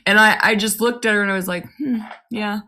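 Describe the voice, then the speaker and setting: A woman's voice: medium pitch, fairly even intonation, a little fast, sharp tone. A woman in her thirties co-hosting a podcast, telling candid family stories and swearing freely in casual chat. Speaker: podcast co-host.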